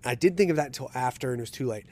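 A man hosting a podcast, telling a story in a casual, animated way and acting out the dialogue with some indignation. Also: medium pitch, very fast. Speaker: podcast host.

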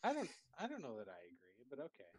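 A man's voice: medium pitch, wildly swooping pitch, fast talker, darkish tone, slightly rough. A man co-hosting a podcast in casual chat, joking and laughing often. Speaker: podcast co-host.

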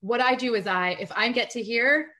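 A woman in a casual live-streamed chat, giving practical parenting advice with quick laughs. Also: fairly high pitch, sharp tone. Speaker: guest parenting coach.

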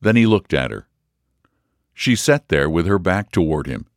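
A man reading a story aloud in a measured, expressive narration. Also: low-pitched, dry recording, clean studio sound. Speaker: audiobook reader. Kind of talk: scripted narration.

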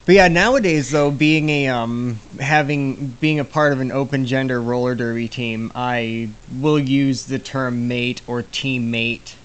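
A man's voice: medium pitch, measured pace, hardly any pauses, clean tone, low-quality recording. A man hosting a podcast in casual chat, hesitant and feeling his way through with lots of fillers. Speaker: podcast host.

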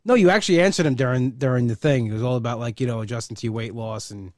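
A man's voice: medium pitch, rapid-fire, darkish tone, no echo, clean studio sound. A man hosting a podcast, chatting casually in a rambling way with lots of restarts. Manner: rambling, repeats words, laughs often. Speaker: podcast host. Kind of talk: casual chat.

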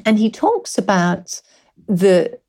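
A woman's voice: medium pitch, big pitch swings, takes it slowly, a little mellow. A woman professor commenting on a speech in a thoughtful, enthusiastic way, with fillers and restarts. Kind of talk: unscripted expert commentary.

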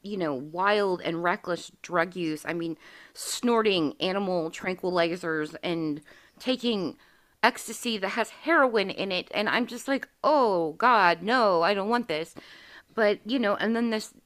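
A woman's voice: medium pitch, unhurried, a bit bright. Candid, swearing woman in her forties. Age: 40s. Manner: candid, profane storytelling with acted quotes. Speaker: podcast host. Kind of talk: casual chat.

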